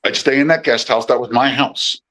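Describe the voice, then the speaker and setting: A man's voice: mid-range voice, normal speed, a bit bright, poor audio. A middle-aged man, a podcast guest, telling long casual stories with many restarts and acted-out quotes. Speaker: podcast guest, former personal assistant to musicians. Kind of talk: casual storytelling interview.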